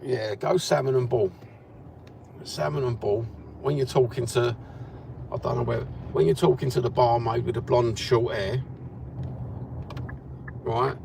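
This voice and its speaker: A man's voice: mid-range voice, steady tone, measured pace, gravelly, pauses often, darkish tone. A middle-aged man with a Cockney East London accent, rambling bluntly and swearing while he chats and drives. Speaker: vlogger. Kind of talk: casual chat while driving. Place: inside a car. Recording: car noise behind the voice.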